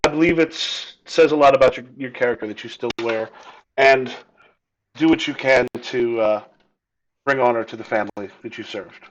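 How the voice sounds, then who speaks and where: A man voicing a courteous, calm male noble from samurai-era Japan, with a polite, measured way of talking. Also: mid-range voice, highs cut off, a little hiss or hum, close to an everyday voice.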